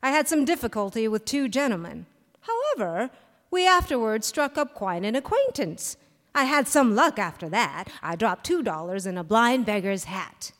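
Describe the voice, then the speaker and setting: A woman's voice: a little high, sing-song, normal speed, fairly bright tone. A woman voicing a battered young man who speaks solemnly and with formal, defiant politeness. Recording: long hall reverb, live stage.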